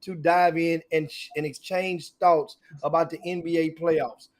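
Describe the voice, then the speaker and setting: A middle-aged man hosting a casual sports talk show, animated and folksy, often repeating himself mid-sentence. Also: a little high, unhurried.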